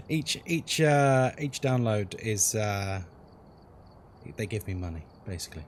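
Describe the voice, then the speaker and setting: A man's voice: medium pitch, slow. Guy streaming horror games, chatty and jokey, voice jumps all over, faint noise behind. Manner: chatty, animated, jokey, talks to chat as folks. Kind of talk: casual live-stream chat.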